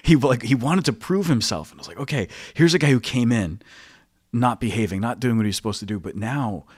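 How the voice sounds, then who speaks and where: A man's voice: mid-range voice, a little fast, husky, no room sound, studio quality. A man, a priest hosting a podcast, telling casual anecdotes with lots of laughter. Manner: animated anecdotes, frequent laughter. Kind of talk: casual storytelling.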